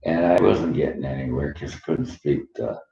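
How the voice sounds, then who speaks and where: A man's voice: very deep voice, normal speed, vocal fry, warm tone, reverberant, highs cut off, slight background noise. A middle-aged man from Canada rambling through personal stories in a loose monologue, laughing often and jumping between topics. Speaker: vlogger.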